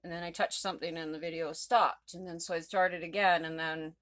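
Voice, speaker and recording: A woman's voice: lowish voice, fairly even intonation, brisk, fairly bright tone, dry recording. A woman chatting casually into her phone at home in a rambling morning vlog, laughing often. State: out of breath after rowing. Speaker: vlogger. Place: home, indoors. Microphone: phone held in hand.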